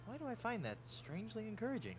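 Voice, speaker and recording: A sarcastic young pirate hero. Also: male voice, sits high, huge pitch swings, fast talker, faint music behind, poor audio. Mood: wry. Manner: dry, sarcastic quips. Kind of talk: video game voice acting.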